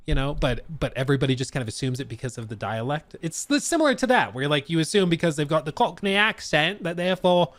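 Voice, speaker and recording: A man's voice: medium pitch, no echo. A man streaming live, talking casually and rambling with laughs and restarts as he reacts to a video. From United States. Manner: chatty, rambling, frequent laughs and self-corrections.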